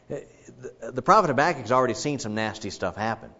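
A male preacher delivers a folksy sermon in a lively voice whose pitch swings widely. The recording is dull and muffled, with long reverb from the hall. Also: brisk.

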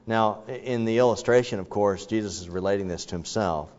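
A man preaching a conversational sermon, now and then rising to animated rhetorical questions. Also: lowish voice, fairly quick. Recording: dull, reverberant hall sound.

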